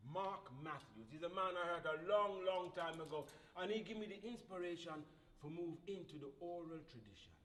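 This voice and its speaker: A man's voice: a little high, animated, normal speed, fairly bright tone. Male storyteller host. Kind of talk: live storytelling. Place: library event hall. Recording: reverberant hall, faint noise.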